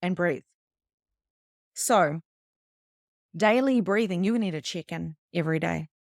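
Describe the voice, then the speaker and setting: A middle-aged spiritual coach runs a live online workshop, chatty and animated, acting out her own moments of panic while teaching. Her voice is lowish and a little slow, with vocal fry. The audio is close and dry, without room echo.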